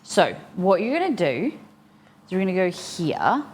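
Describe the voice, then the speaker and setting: A woman's voice: fairly low pitch, big pitch swings, measured pace, a little mellow, slight background noise. A woman hosting a casual live cooking stream from her kitchen, chatting playfully and laughing at herself. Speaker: cooking show host. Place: home kitchen, indoors. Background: frying and sizzling in a pan.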